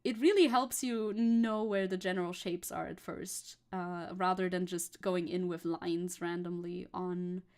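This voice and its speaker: A woman's voice: fairly low pitch, steady tone, unhurried, few pauses, a little mellow. A young woman streamer chatting casually and rambling while she paints, swearing now and then. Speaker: VTuber streamer.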